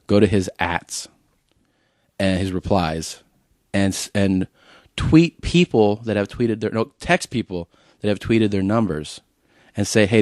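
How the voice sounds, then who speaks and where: A man hosting a podcast in casual chat, telling an animated story and reading texts aloud in put-on voices. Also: on the low side, no echo, studio quality. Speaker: podcast host.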